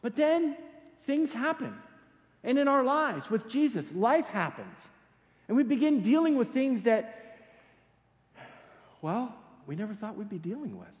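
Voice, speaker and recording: Male pastor, high and very expressive voice, casual animated sermon, long hall reverb. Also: a little slow, pauses often, dull audio. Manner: casual, animated storytelling with slangy asides.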